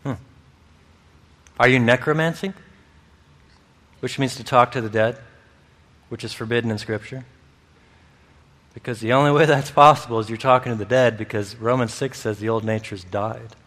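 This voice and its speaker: A man's voice: mid-range voice, steady tone, normal speed, pauses often, fairly bright tone. A man preaching a sermon, telling stories with laughter and acting out the voices of people in them. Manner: storytelling, acts out quoted voices, laughs often. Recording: long hall reverb.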